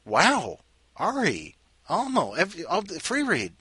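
Male host, casual rambling chat, husky, dry close sound. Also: high voice, wildly swooping pitch, unhurried, pushed and bright, no echo. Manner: rambling, playful, jokey asides. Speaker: podcast host. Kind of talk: casual chat, talking to his cat.

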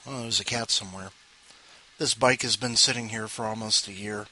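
A man's voice: on the low side, steady tone, normal speed, bright, forceful tone, a little hiss or hum. A man hosting a podcast in casual chat, rambling with self-mocking asides. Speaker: podcast host.

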